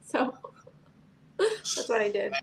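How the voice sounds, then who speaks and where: Chatty woman, higher voice, lots of "like". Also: extremely slow, slightly rough, low-quality recording. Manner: chatty and animated, peppered with "like". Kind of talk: casual chat.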